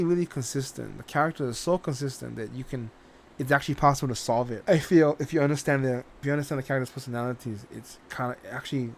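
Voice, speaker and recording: A man hosting a reaction channel, giving a rambling, casual spoken review, often restarting his sentences and swearing now and then. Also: medium pitch.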